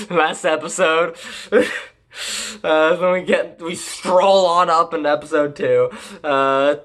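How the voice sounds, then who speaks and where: Young adult anime reviewer, casual recap, heavy fillers and swearing, middle pitch. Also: slow. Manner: rambling, profane, filler-heavy, deadpan jokes.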